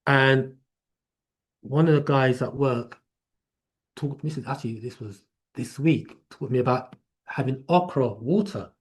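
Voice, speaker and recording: A man with an English accent and a mid-range voice hosts a live Q&A, explaining things casually and ramblingly. He speaks at a measured pace, with long pauses and frequent restarts.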